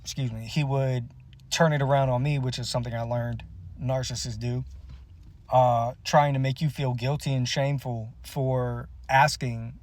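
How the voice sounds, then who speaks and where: A man's voice: medium pitch, fairly even intonation, normal speed, darkish tone. A man and musician telling a personal story to camera in a blunt, bitter, profane way. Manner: bitter, aggrieved retelling.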